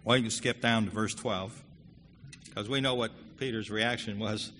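A man with a bright, forceful voice preaching in a church hall. He moves between plain conversational talk and louder, emphatic reading of scripture. The sound carries a long reverb with a faint hum of the room behind it. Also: on the low side, fairly even intonation, normal speed. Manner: earnest preaching, rising loud when quoting scripture. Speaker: pastor. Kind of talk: sermon.

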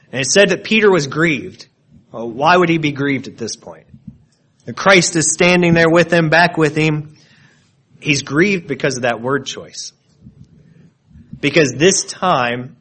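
Man, preacher, expository sermon, slightly high voice, earnest teaching tone, frequent restarts. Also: a bit bright, husky. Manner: explains word meanings, earnest and searching; restarts and repeats words often.

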